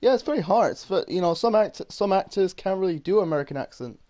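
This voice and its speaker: A man's voice: sits high, lively intonation, quick pace, dark tone, dry recording. A man doing casual gaming commentary, rambling and swearing while he reads his chat. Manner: rambling, swearing, many restarts. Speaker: gaming streamer.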